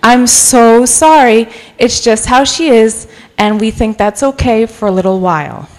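A woman in her forties from New York City with a mixed North Jersey accent, a guest preacher warming up the church with chatty jokes, stories and bits of Spanish. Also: a little high, measured pace. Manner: chatty and joking, mixing in Spanish phrases. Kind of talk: sermon with personal storytelling. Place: church sanctuary.

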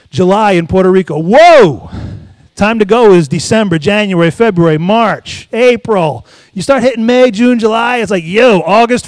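High-voiced preacher man, dry close sound. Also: a little mellow, dry recording. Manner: call-and-response preaching, asks congregation for amens. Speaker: pastor. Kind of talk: sermon with personal stories.

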